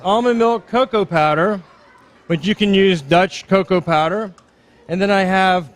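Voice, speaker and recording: Walking the audience through each step, a chatty, upbeat middle-aged chef demonstrates a dish live at a dinner event. His voice sits high.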